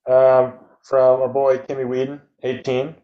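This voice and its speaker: A man's voice: mid-range voice, completely flat delivery, measured pace, roomy sound, muffled recording. A man co-hosting a casual podcast chat in an easygoing way, laughing often. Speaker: podcast co-host.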